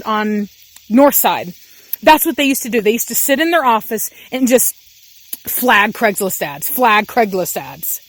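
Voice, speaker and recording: A woman's voice: high voice, dry recording. A young woman with a Texan accent, a dog breeder ranting angrily and passionately in a vlog, often repeating herself. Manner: angry, impassioned, repeats herself. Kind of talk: emotional vlog rant.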